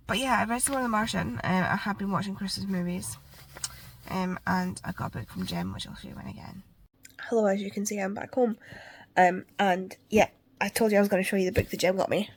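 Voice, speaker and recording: A woman's voice: mid-range voice, lively intonation, quick pace, a little hiss or hum. A woman chatting casually in a rambling vlog, losing her voice and congested, with many fillers. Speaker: book vlogger. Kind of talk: casual chat. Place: parked car, then at home.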